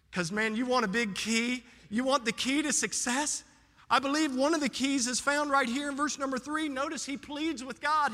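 A man's voice: extremely high pitch, pushed and bright. A man preaching a sermon as pastor, impassioned, his voice rising and dropping sharply. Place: church sanctuary. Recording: long church reverb.

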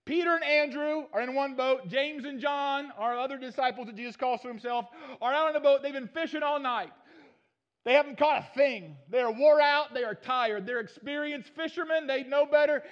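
A male preacher, retelling Bible stories in a lively sermon and acting out the characters in folksy voices. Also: very high-pitched. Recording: dull muffled recording.

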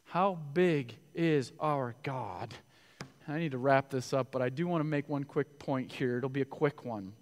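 A man preaching a sermon as pastor, animated, acting out quoted voices with big swings from quiet to loud. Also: mid-range voice, normal speed. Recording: reverberant hall.

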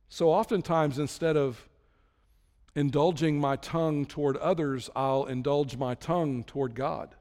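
A man's voice: medium pitch, normal speed, darkish tone, big-room sound. A man preaching a sermon in a conversational way, acting out prayers and imagined talks with God. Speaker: pastor.

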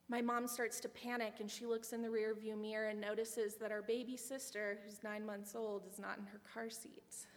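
A woman giving a sermon, earnest and reflective, with a personal story. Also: a little high. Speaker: preacher. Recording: long hall reverb.

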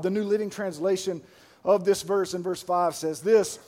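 A young man preaching a sermon as pastor, animated, repeating words and building to emphatic shouts. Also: sits high, normal speed.

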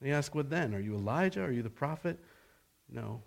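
A man preaching a sermon, slow and deliberate, his voice rising in pitch and force when he presses a point. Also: lively intonation, gravelly.

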